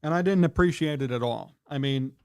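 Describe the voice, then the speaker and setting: A man's voice: mid-range voice, fairly quick, clean tone. A man hosting a live sports talk show, ranting in a heated, indignant and scolding way. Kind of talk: livestream sports rant.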